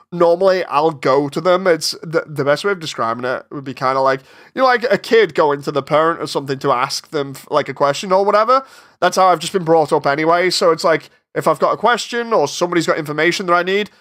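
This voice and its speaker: A man's voice: fairly high pitch, a bit bright. A man chatting casually on a live stream while working on his animation, rambling, interrupting himself and getting exasperated.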